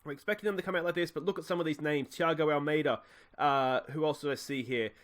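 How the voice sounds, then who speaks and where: A man casually commentating his football management game, cheering goals loudly and thinking aloud about tactics. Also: on the high side, fast talker. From Australia. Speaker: gaming YouTuber playing a football management game.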